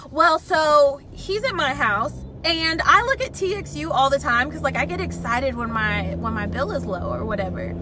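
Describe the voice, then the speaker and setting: Young woman, high voice, rambling, swearing, exasperated, driving with road noise, phone mic. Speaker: vlogger. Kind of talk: casual live-stream chat while driving. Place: in a car. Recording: phone audio with loud car noise. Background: road and traffic noise.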